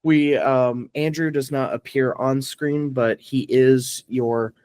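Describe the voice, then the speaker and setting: A man hosting a casual interview, asking quick, teasing questions. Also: mid-range voice, steady tone, darkish tone, no room sound. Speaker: podcast interviewer.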